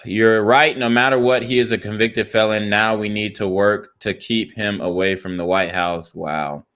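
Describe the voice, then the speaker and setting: A man's voice: fairly low pitch, fairly even intonation, unhurried, fairly bright tone. A young man hosting political reaction commentary, angrily reading viewer comments and a news article aloud with frequent profanity. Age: young adult. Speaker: commentary channel host.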